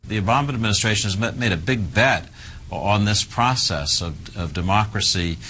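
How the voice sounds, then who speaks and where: Halting analyst man, bright low voice. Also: a little hiss or hum, low-quality recording. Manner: halting, many restarts. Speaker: news analyst guest. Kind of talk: TV interview answer.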